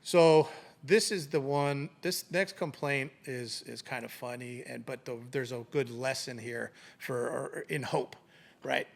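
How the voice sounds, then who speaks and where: A man's voice: medium pitch, measured pace, vocal fry. A middle-aged man, a retired police sergeant, casually telling a story in an interview and acting out the voices of the people in it. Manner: animated anecdote telling, acting out quoted voices.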